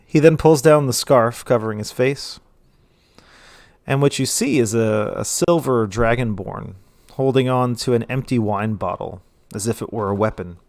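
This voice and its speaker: A man's voice: medium pitch, moderate pace, vocal fry, darkish tone, no echo. Male game master, easygoing filler-heavy narration, dry recording.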